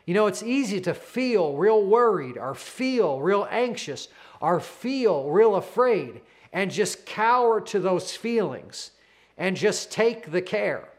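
A man's voice: high-pitched, big pitch swings, slow pace. A man in his thirties preaching a sermon as pastor, earnest, with repeated declarations.

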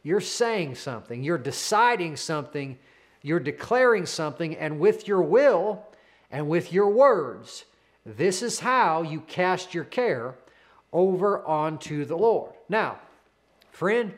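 Earnest high-voiced male pastor. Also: very animated, slow. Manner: earnest, repetitive declarations. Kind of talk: sermon.

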